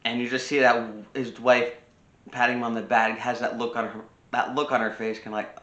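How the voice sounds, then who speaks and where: A man on a personal growth channel gives casual self-help advice, repeating key phrases for emphasis. His mid-range voice is pushed and bright, fairly quick and flat in delivery, in a roomy, slightly dull recording.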